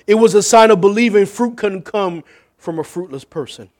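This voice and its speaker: Man, pastor, high voice, sermon, loud jokes and hushed questions. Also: moderate pace.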